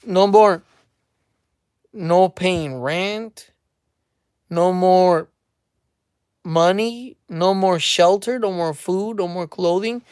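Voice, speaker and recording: A woman's voice: lowish voice, extremely slow, long pauses, darkish tone, clean tone, no echo, studio quality. A woman hosting a casual commentary rant, mocking and speculative, repeating her phrases for emphasis. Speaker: commentary channel host.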